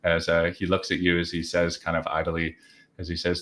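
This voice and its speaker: A man's voice: low voice, completely flat delivery, moderate pace, fairly bright tone. A man narrating as game master, rambling with many fillers. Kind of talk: improvised tabletop narration.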